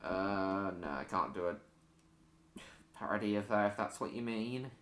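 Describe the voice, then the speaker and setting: A man's voice: on the low side, measured pace, a bit bright. A man hosting a casual gaming live stream, chatting playfully with his viewers. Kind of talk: casual chat while gaming.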